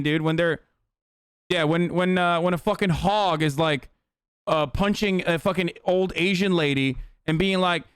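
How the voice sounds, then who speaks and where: A man's voice: a little high, unhurried, clean tone, no echo, clean studio sound. A man streaming casual, profane commentary on an interview, blunt and heated, with many fillers.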